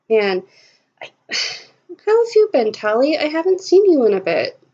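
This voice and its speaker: A woman's voice: sits high, very animated, slow, voice pushed up, exaggerated voice. A jittery male cartoon toon who trips over his own words and stammers anxiously, as a woman puts him on in a tabletop game. His voice sits at a middling height and comes through a slightly dull, lo-fi recording. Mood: gloomy. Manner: stammering, anxious, soft-spoken. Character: flustered nervous male toon artist.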